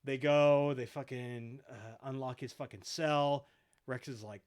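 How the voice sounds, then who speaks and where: A man's voice: medium pitch, steady tone, a little slow, a little mellow, clear, resonant tone. A man hosting a podcast, retelling episodes casually with lots of swearing and quoted voices. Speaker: podcast host. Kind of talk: casual chat.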